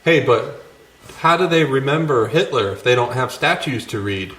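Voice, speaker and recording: A man's voice: mid-range voice, expressive, moderate pace, a bit bright, roomy sound. A man co-hosting a casual podcast, crude and joking, laughing often. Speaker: podcast co-host. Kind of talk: casual chat.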